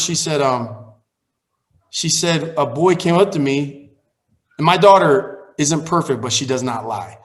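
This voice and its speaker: A pastor in his forties, his voice on the high side and unhurried, tells a personal story casually on a training call. He's candid and conversational at first, then grows heated and animated as he recounts it.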